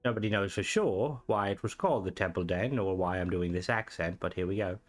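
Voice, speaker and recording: A man's voice: low voice, fairly quick. A man giving casual gameplay commentary while reviewing a game mod, thinking aloud and reacting as he plays.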